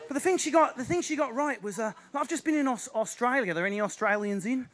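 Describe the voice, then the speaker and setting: A young man with an Essex accent doing a fast, restless stand-up set on a stage. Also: very high voice. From Essex, England. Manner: fast, restless, animated delivery with sudden put-on voices. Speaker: stand-up comedian. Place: theatre stage before a live audience.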